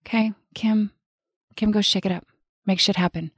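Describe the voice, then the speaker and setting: In this clean studio recording with no room sound, a woman in her forties talks through her life-coaching podcast alone, casual and profane, blunt and animated. She speaks at a normal speed in a medium pitch with a breathy edge.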